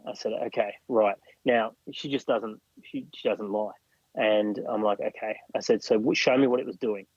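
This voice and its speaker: A fairly low, darkish, steady voice at normal speed belongs to an Australian man recounting his own experience in a podcast interview. He plays out what others said, and the lo-fi audio has no room sound.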